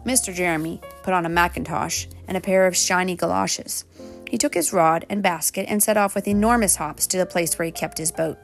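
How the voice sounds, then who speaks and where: A woman reading a children's storybook aloud, gently, turning now and then to talk to the children. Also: on the low side, vocal fry. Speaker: storybook reader.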